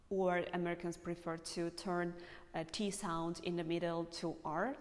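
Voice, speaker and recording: A woman English teacher explaining pronunciation to learners, speaking slowly and carefully and repeating example words. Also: lowish voice, big-room sound.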